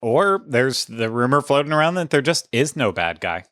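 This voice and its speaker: A man's voice: mid-range voice, sing-song, normal speed, a bit bright, no echo. A man co-hosting a podcast, giving wry, opinionated takes in casual chat. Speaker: podcast co-host.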